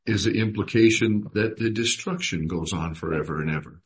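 A man leading a Bible study, reading verses aloud and putting questions to his group. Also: lowish voice. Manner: unhurried, reads scripture aloud and asks the group questions.

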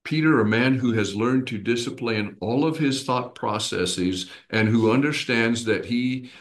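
A man's voice: medium pitch, measured pace. A man teaching a small Bible study group in a conversational way. He asks his listeners questions and acts out little voices and expressions as he explains.

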